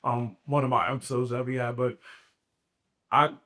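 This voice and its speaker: A man co-hosting a podcast, candidly telling his own story in a relaxed, slangy way. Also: medium pitch, normal speed, a little hiss or hum. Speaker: podcast co-host. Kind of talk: casual conversation.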